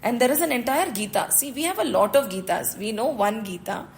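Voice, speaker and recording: A woman's voice: on the high side, brisk, creaky, slight background noise, low-quality recording. A woman with an Indian English accent teaching and telling a scripture story, mixing in Hindi phrases and often checking with listeners. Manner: expressive storytelling, asks listeners "right?". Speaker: spiritual teacher.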